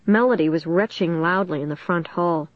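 A woman's voice: fairly low pitch, moderate pace, no echo. A woman narrating a storybook in a tense, dramatic reading. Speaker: audiobook reader. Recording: dull dry recording.

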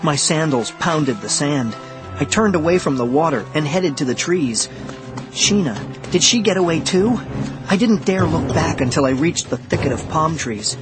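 A man's voice: fairly high pitch, moderate pace, over music. Man dramatically reading a children's adventure. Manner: lively, dramatic storytelling. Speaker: audiobook narrator. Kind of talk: first-person audiobook reading of a children's adventure.

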